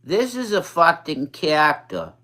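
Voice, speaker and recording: Slow-talking New Yorker with a speech impediment. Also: medium pitch, huge pitch swings, sharp tone. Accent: New York. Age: 40s. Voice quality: mild speech impediment, sometimes childlike, baby-girl-like voice. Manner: rambling, profane, candid livestream chatter. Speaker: drag performer livestreaming. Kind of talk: casual livestream chat.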